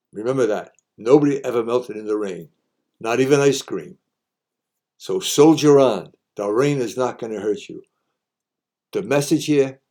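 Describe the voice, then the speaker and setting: Man, lowish voice, mellow tone, folksy plainspoken advice, repeats sayings for emphasis. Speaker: host sharing sayings. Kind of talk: folksy monologue.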